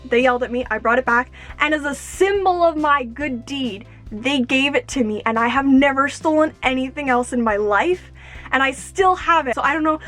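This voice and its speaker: A young woman unboxing earrings at home, gushing and excitable, exclaiming often. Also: high-pitched. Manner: gushing, excitable, fillers like "oh my gosh". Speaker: YouTuber. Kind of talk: unboxing vlog.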